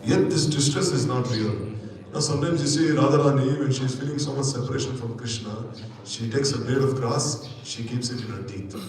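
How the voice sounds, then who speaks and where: A man's voice: mid-range voice, brisk, a little mellow. A man giving a scripture lecture as a spiritual teacher, explaining at length and tossing in tag questions. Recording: echoey hall from far off, faint noise.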